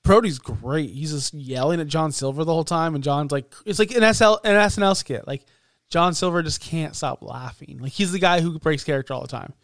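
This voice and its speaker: An excitable man chatting on a podcast, his voice smooth and resonant and a little higher than most. He rambles through fillers on a close, dry mic. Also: brisk, dry recording. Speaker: podcast co-host. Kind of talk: casual wrestling talk.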